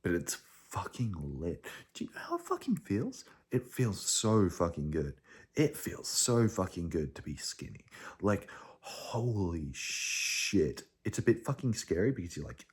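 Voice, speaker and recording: Young guy vlogging at home, swears a lot, slow drawl, voice swings up and down loads. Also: on the low side, huge pitch swings. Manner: swearing, rambling, swinging from hushed to loud. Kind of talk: casual rambling to camera.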